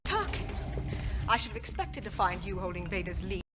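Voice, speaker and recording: A woman's voice: medium pitch, very animated, moderate pace, over loud music, close to an everyday voice. An actress with a British accent playing a defiant young princess held prisoner, scornful and defiant in her speech, from a film soundtrack.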